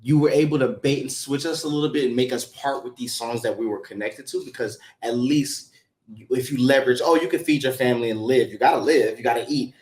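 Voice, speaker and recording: A singer-songwriter with a Haitian accent, chatting as a podcast guest, animated and quick to laugh, sometimes jumping into high joking shouts. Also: male voice. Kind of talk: casual interview chat.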